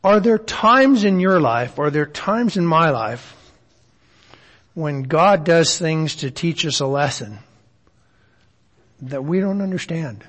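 A man's voice: on the high side, expressive, slow pace, long pauses, a bit bright, big-room sound. A man teaching a Bible study in a conversational way, often asking his listeners questions.

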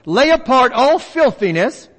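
A man's voice: very high-pitched, very animated, a little slow, a bit bright, husky. A man preaching a folksy sermon, acting out the voices of others. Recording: long reverb of a large hall.

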